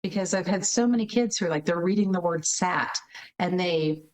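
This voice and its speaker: A woman interview guest who directs a learning center, explaining in lively casual talk, acting out children and checking in with tag questions. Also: lowish voice, normal speed, poor audio. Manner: animated, acts out children's reading with voices; frequent tag questions, laughs while explaining.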